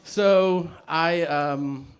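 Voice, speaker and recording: A man's voice: a little high, very slow. Man telling a stand-up story. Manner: animated storytelling, acts out other people's lines, laughs often. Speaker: stand-up comedian.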